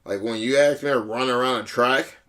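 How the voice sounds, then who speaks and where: A young male podcast guest who talks in a relaxed, easygoing way. His voice sits mid-range, and he keeps tossing in quick agreeing yeahs while he chats. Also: mid-range voice. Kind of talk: casual chat.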